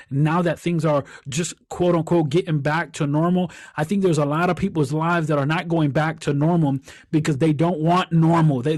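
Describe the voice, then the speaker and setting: Male podcast host and coach, heartfelt reflective talk, a bit high-pitched, dry booth sound. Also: darkish tone, no room sound. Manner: earnest, heartfelt, repeats words as he thinks.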